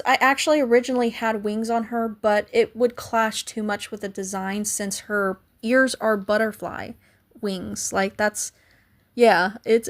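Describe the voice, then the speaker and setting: A young adult woman hosting a casual livestream, chatting and thanking viewers by name, her voice cracking now and then. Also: on the high side. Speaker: livestream host.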